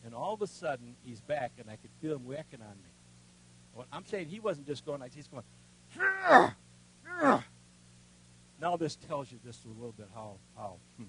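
An older man preaching, telling a personal story in a folksy way, dropping to a hush and then rising loud. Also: mid-range voice, lively intonation, fairly quick, slight background noise, low-quality recording. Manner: folksy storytelling with strong swings between hushed and loud. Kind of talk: sermon with personal testimony.

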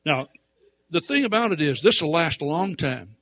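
A man preaching through a story, animated and ringing with a bright, forceful edge to his voice. He swings from hushed asides to loud, emphatic bursts, and the sound is close and dry with no room around it. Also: a little high, a little fast, no echo. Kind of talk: storytelling sermon.

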